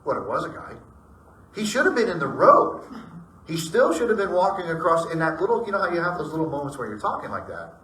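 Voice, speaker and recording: A man's voice: a little high, fast, distant mic. A middle-aged man telling personal ghost stories to a group in a casual, rambling way, acting out what people said. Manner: rambling, animated retelling with acted-out dialogue. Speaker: storyteller. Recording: echoey room, voice from off-mic.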